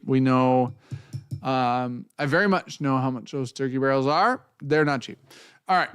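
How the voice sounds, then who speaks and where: A man's voice: medium pitch, clear, resonant tone, no echo. A man hosting a casual whiskey tasting, talking in a loose, joking way with plenty of swearing. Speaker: whiskey show host.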